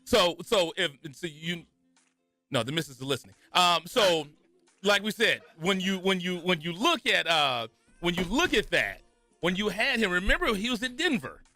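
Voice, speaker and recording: A male sports radio co-host from California with a fairly high, bright and forceful voice. He talks in an animated, playful way, his pitch swinging widely. The studio sound is dry, with faint music underneath. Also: moderate pace, dry recording. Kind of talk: casual sports talk radio. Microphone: studio microphone.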